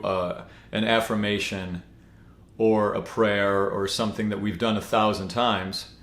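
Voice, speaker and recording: Laid-back man teaching in an echoey room. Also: lowish voice. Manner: relaxed, rambling, many fillers and restarts. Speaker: spiritual teacher. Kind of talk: casual spoken teaching.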